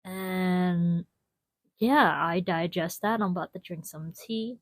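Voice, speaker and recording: A woman's voice: fairly low pitch, takes it slowly, dry recording. A young adult woman hosting a casual solo podcast at home, chatty and often laughing, calling her listeners y'all into a small clip-on mic. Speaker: podcast host.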